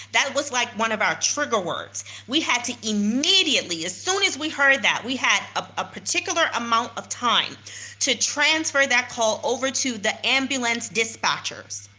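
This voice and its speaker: Emphatic and indignant, an American woman recounts events for her followers on a handheld phone, repeating phrases for emphasis. Her fairly high voice sounds bright and forceful.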